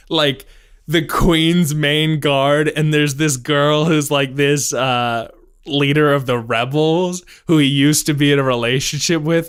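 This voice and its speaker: A man's voice: a little high, clean tone. A man co-hosting a book podcast in casual chat, teasing his co-host and laughing often. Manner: teasing, laughing, and loud when joking.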